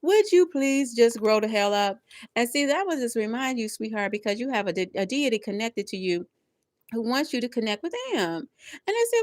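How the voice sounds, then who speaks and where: Animated laughing woman tarot reader. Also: on the high side, moderate pace, no echo, studio quality. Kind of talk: live tarot reading.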